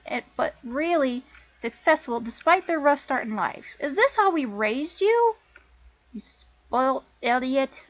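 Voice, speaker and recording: A woman's voice: high-pitched, lo-fi sound. A woman voicing an angry, bossy older sister in her twenties who scolds and lectures her younger sibling. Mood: scolding.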